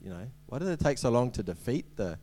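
A man's voice: mid-range voice, sing-song, fast talker, warm tone. A man giving a sermon as a preacher, in a conversational way with many ums and restarts and light humorous asides.

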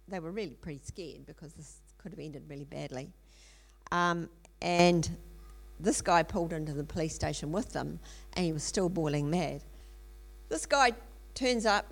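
A middle-aged woman preaching in an earnest storytelling way. Her voice sits a little low and has a gravelly edge. She pauses often with ums and restarts her sentences. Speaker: speaker in a church teaching series. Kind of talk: sermon storytelling.

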